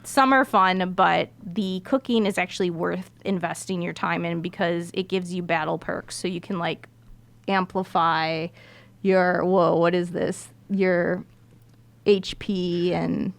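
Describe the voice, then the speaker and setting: A woman's voice: lowish voice, fairly even intonation, unhurried, creaky. A woman game reviewer in casual podcast chat, talking chattily with many fillers.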